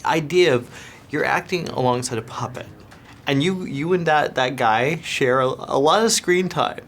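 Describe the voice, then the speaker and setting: An entertainment interviewer asking questions at a casual press junket, enthusiastic and quick to laugh. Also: medium pitch, a little hiss or hum. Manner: enthusiastic, giggly, lively questions.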